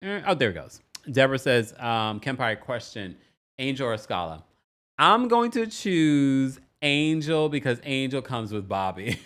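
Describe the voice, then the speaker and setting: A man with a mid-range, slightly bright voice and big swings in pitch hosts a casual reality-show recap on a live stream. He chats playfully, reads out viewer comments, and throws in quick quoted voices.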